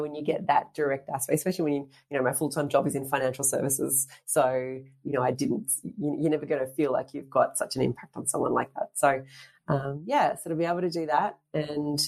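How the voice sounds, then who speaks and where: A woman with a strikingly low voice talks casually in an interview. She is middle-aged and tells stories in a rambling, chatty way, full of fillers and restarts. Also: steady tone, a little fast, vocal fry, darkish tone. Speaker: guest, fitness instructor and presenter.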